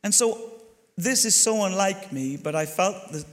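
Irish guy preaching, chatty storyteller, voice a bit on the high side, big hall echo. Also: a little slow. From Ireland. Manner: chatty and animated, talks to the congregation directly. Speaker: pastor. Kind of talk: sermon storytelling. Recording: long hall reverb.

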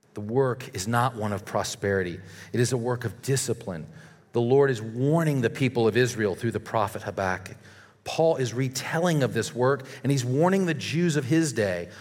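A male preacher delivering an earnest sermon, reading scripture aloud and warning his listeners. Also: medium pitch. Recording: long reverb of a large hall.

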